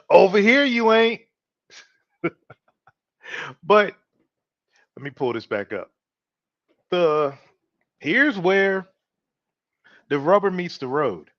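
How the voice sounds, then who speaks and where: A man with a drawl hosts his own opinion show, talking to his listeners in a loose, swaggering way. His voice sits a little high for a man. The recording is dry and dull, like a cheap home mic. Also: no echo. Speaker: podcast host. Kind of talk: casual opinion talk.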